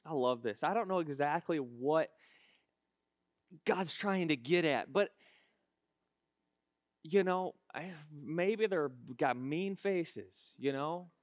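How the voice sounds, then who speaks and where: A man preaching a sermon, emphatic and repetitive, building to shouts, with casual self-deprecating asides. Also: a little high, slow, long pauses, no room sound.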